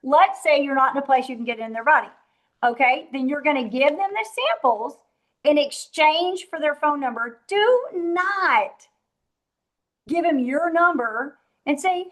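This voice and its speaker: A woman leading a motivational sales training, emphatic and direct, acting out her pitches in a softer voice. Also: unhurried. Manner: energetic, emphatic, talks straight to the group.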